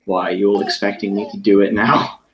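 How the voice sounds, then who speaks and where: A man's voice: fairly low pitch, little pitch movement, fairly quick, a bit bright, lo-fi sound, slight background noise. A man chatting casually on a stream, rambling with many restarts as he tells stories. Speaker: podcast co-host. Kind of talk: casual chat.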